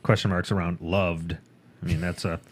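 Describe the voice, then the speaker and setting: A man co-hosting a podcast, chatting casually in a laid-back way, quick to question. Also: low voice, level tone, slightly rough. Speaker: podcast co-host.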